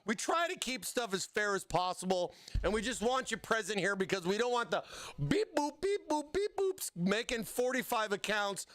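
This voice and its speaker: Hyped dude hosting a stream, high bright voice, super dry close mic. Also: male voice, expressive, moderate pace, few pauses, dry recording. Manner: hyped, slangy, calls viewers baby and bro. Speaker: livestream host. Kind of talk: casual livestream chat.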